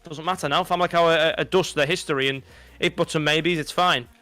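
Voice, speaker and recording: A young man with a Liverpool accent, co-commentating an esports football final, talking in excited, rambling runs and restarting his sentences. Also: a little high, quick pace, no echo, soft background music. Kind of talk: esports pre-match analysis.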